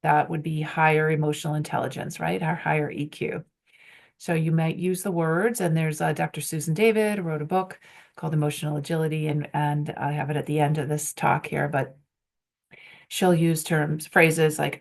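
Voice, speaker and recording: A woman's voice: low-pitched, fairly even intonation, moderate pace, vocal fry. A woman giving a conference presentation on workplace change, posing strings of rhetorical questions to the audience with frequent ums.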